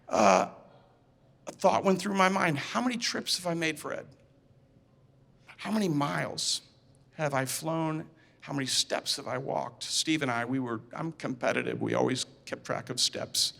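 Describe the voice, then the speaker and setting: Animated man telling a story on stage. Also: fairly high pitch, unhurried, vocal fry. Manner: animated, acts out dialogue, repeats words. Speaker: speaker. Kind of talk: storytelling talk to an audience. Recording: reverberant hall.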